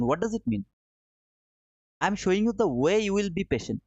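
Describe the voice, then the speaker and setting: A man whose isn't teaches a live trading lesson in a slightly high voice. He circles back on his points and coaxes his viewers. The audio is dry and somewhat dull, like a lo-fi stream. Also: very animated, brisk, gravelly, darkish tone, no echo. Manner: repetitive, coaxing, addresses viewers as brother. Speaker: trading livestream host.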